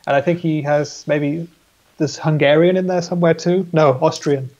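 A man's voice: a little high, steady tone, normal speed, a little mellow, muffled recording. A man guesting on a casual podcast, talking in an easygoing, agreeable way. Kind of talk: casual chat.

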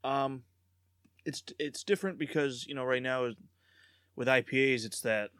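A man's voice: mid-range voice, moderate pace, a bit bright, clear, resonant tone, dry recording, studio quality. Easygoing male podcast co-host. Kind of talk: casual podcast banter.

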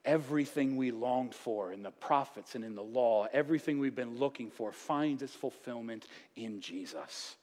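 A man's voice: mid-range voice, normal speed, few pauses, darkish tone. A man preaching a sermon as pastor, with playful asides and acted-out quotes. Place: church sanctuary. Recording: long church reverb.

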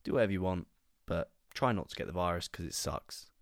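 A man's voice: low-pitched, expressive, fairly quick, dry recording, clean studio sound. A male podcast host with a congested, nasal voice from a cold, chatting casually and upbeat with his guest.

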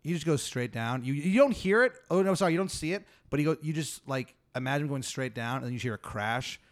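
A man's voice: on the high side, fairly quick. Rambling man spinning an absurd tale. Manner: rambling, deadpan, many fillers. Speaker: podcast co-host. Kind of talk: improvised comedy storytelling.

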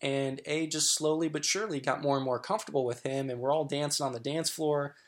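A man's voice: a little high, fairly even intonation, fairly quick. Chatty man telling frank stories. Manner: frank, chatty, many fillers and restarts. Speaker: guest. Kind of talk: candid personal storytelling.

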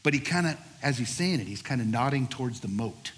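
A middle-aged male pastor preaching a sermon, telling a lively personal story before moving into scripture. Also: mid-range voice, brisk. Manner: animated storyteller, shouts during the story's peaks.

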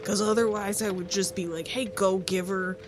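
A woman's voice: medium pitch, fairly even intonation, moderate pace, natural voice. A woman voicing a scatterbrained male djinn father, flustered and rambling, over background music. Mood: apologetic.

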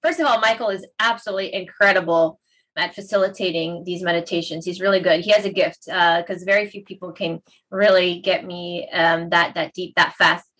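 A middle-aged woman, a meditation teacher, telling a heartfelt story in a casual conversation, animated and emotional. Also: fairly low pitch, fairly quick, poor audio.

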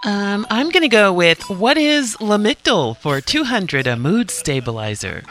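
A woman's voice: medium pitch, big pitch swings, unhurried, fairly bright tone, soft background music. A radio co-host bantering playfully, bubbly and giggly as she plays along.

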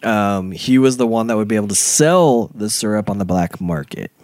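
A man's voice: on the low side, animated, normal speed, a little mellow, dry recording. A man hosting a casual podcast chat, telling a crime story with lots of laughs and fillers. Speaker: podcast host.

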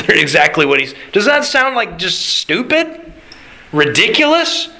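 A man preaching a sermon, animated and conversational, acting out quotes as he goes. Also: high voice, takes it slowly, low-quality recording. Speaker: pastor.

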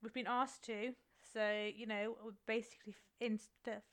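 A woman's voice: on the high side, level tone, moderate pace. A woman co-hosting a podcast, chatting casually and poking fun at herself, often restarting her words. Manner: chatty, self-deprecating, trailing restarts. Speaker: podcast co-host. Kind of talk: casual chat.

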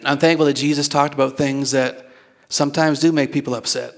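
Conversational pastor preaching a sermon. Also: male voice, mid-range voice, fairly even intonation, brisk. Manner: conversational, repeats words, asks the congregation for replies. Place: church.

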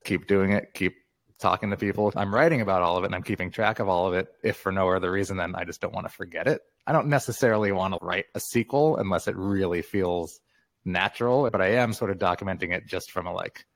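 A man's voice: sits low, fast, no echo. A man in his fifties, a guest author in a casual interview, talking candidly and reflectively and laughing often.

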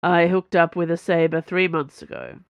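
A woman voicing a dry, reserved male swordsman, talking flat and firm. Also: on the low side, moderate pace, no echo, close to an everyday voice. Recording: dull lo-fi dry recording.

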